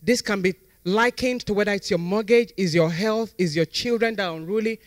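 A man's voice: sits high, fairly quick, no echo, clean studio sound. A man pastor preaching a sermon and leading the congregation in fervent call-and-response prayer declarations.

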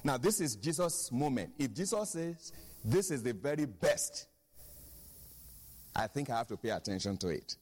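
A man's voice: mid-range voice, lively intonation, normal speed, a little mellow, long reverb tail. A man preaching a sermon as pastor, emphatic, repeating key phrases and asking the congregation for an amen.

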